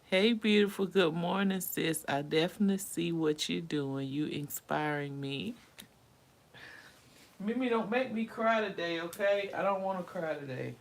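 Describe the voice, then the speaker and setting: A woman's voice: fairly low pitch, measured pace. A woman hosting a casual livestream chat, calling her viewers sis and honey and saying she keeps pressing on though she is tired. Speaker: livestream host. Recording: roomy room sound, faint background noise.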